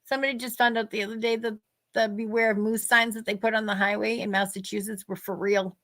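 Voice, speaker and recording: A middle-aged woman, telling animated stories in casual chat and acting out the people she quotes. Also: a little high, fast. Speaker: host.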